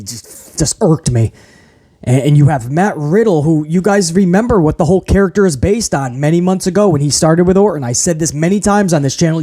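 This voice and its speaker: On his own channel, a man with a high voice rants his way through a wrestling review, casual, profane and animated, tossing off quick impressions to mock the show. He grew up in housing projects.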